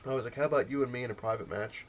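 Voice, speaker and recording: A man in his thirties with a medium-pitched, racing voice hosts a casual video rant from a comic shop. He tells a rambling story and mocks the voices of the gamers he quotes.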